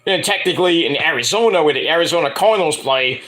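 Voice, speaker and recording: A man with a high, bright voice that swings up and down all over as he rants through a wrestling review. He talks in a loose, animated and foul-mouthed way. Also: quick pace. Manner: animated, profane, jumps into mocking impressions. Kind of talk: casual ranting review.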